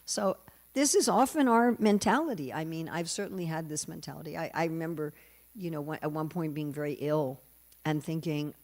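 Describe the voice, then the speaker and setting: A woman's voice: sits low, brisk, a little mellow. An older woman gives a scripture class in a temple hall. She tells stories with humor and briefly acts out the voices of the people in them as she preaches. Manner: storytelling, acting out quoted voices with humor. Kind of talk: sermon.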